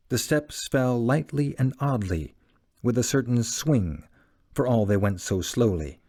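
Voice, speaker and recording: A man narrating a classic novel as an audiobook in a measured, dramatic reading. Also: mid-range voice, expressive, dark tone.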